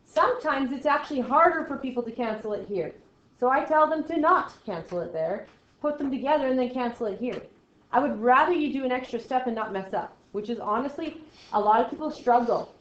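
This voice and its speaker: Woman, math teacher, classroom lesson, chatty and playful, echoey room, lo-fi sound. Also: fairly high pitch. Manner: chatty and playful, jokey asides, swings between loud and quiet. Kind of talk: classroom lesson, talking to students.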